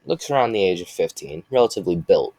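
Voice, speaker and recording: A man with a very low, deep voice improvises a fan story as he goes. He rambles, restarts his sentences, and fills gaps with "uh." The sound is dry and close, with no room echo. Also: big pitch swings, fast, warm tone. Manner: rambling, with many restarts and fillers.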